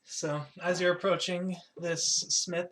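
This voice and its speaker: A man's voice: sits high, flat delivery, takes it slowly, a bit bright, slight background noise. Rambling male game master. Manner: rambling, lots of fillers. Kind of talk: narrating a tabletop game.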